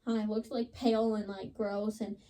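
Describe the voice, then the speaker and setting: A woman's voice: mid-range voice, flat delivery, moderate pace, warm tone, a little hiss or hum. A young woman on a podcast, chatting casually and dramatically retelling a story, with lots of "like.". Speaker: podcast co-host.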